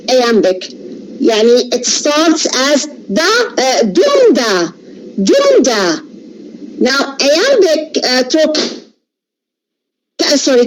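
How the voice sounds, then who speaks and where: Slow, halting woman lecturing. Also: sits high, slight background noise, low-quality recording. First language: Arabic. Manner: slow, deliberate with many hesitations and self-corrections.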